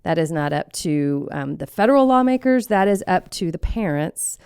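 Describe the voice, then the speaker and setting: A woman's voice: lowish voice, lively intonation, normal speed, gravelly, darkish tone, clean tone, dry recording, studio quality. A woman from Kentucky who leads an advocacy group, answering interview questions in a thoughtful, explanatory way. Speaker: executive director of an advocacy group.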